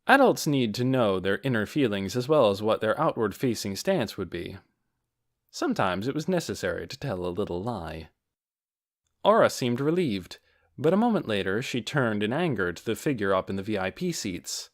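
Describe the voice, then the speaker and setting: A man narrating a fantasy novel as an audiobook with expressive storytelling. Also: lowish voice, normal speed. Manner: expressive storytelling, varied intonation.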